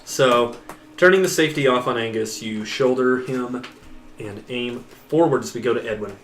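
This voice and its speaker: A man's voice: medium pitch, normal speed, fairly bright tone, echoey room, soft background music. A man narrating a tabletop game as game master, in a loose, self-correcting way.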